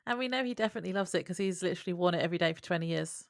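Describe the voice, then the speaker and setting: Wry, low-voiced woman podcast co-host. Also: very fast, vocal fry, no echo, studio quality. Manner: wry, laughs often between remarks. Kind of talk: casual chat recapping a TV episode.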